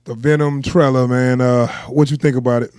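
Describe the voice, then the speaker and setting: A man hosting a casual trailer reaction chat, laughing often, swearing and animated. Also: mid-range voice, moderate pace, smooth, dry recording, clean studio sound. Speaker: host.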